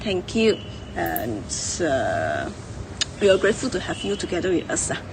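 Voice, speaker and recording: A woman's voice: fairly low pitch, huge pitch swings, normal speed, gravelly, background noise. A woman giving an informal, rambling spoken tribute as a dharma school parent.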